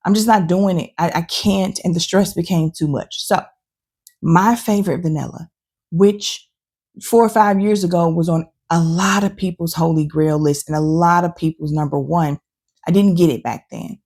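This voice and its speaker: A woman hosting her own channel, giving casual, opinionated and animated reviews of her perfume collection. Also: lowish voice, normal speed. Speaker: fragrance reviewer and channel host. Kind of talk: casual talking-head review.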